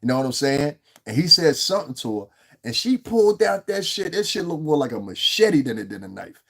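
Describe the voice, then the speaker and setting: A man hosting a livestream, rambling and animated, with frequent profanity. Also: fairly high pitch, a little fast, creaky. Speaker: livestream host. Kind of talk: livestream commentary.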